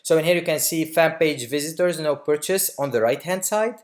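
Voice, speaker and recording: A man teaching online marketing in a casual screen-share tutorial, explaining quickly and loosely with many fillers and restarts. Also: on the high side.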